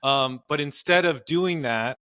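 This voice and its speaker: Therapist guy talking thru advice, smooth clear voice, dry close sound, lots of "you know". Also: on the high side, a little slow, pushed and bright, no echo. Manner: earnest, explanatory, many "you know" fillers. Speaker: marriage and family therapist guest. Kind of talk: conversational interview advice.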